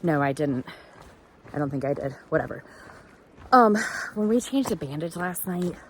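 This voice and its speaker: A woman's voice: sits low, expressive, moderate pace. A woman, chatting to the camera about her hike in a giggly, storytelling way. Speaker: thru-hiker vlogger. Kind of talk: casual vlog talk to camera. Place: outdoors by a waterfall and creek. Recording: noisy outdoor recording.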